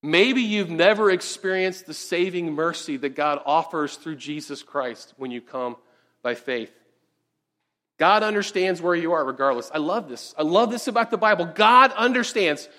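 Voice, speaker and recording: A pastor preaching a conversational sermon in church, often checking in with the congregation with quick asides. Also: male voice, high voice, pushed and bright. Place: church sanctuary.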